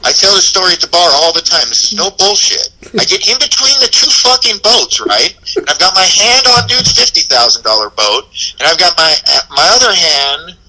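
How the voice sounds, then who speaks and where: A man tells a rowdy story as a podcast guest, swearing freely and shouting out the lines he quotes. His voice is very bright and cutting. It jumps all over the place in pitch. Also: fairly quick, poor audio. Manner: animated and heavily profane; acts out quotes in a raised voice. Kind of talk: casual storytelling.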